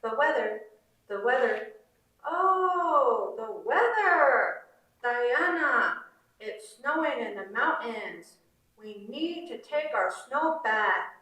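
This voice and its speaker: A woman's voice: fairly high pitch, animated, slow, pushed and bright, voice pushed up, exaggerated voice. A woman reading a story aloud, voicing a dead mother who speaks through a smart speaker, bossy and affectionate by turns. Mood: chatty. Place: conference room. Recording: roomy hall from far off.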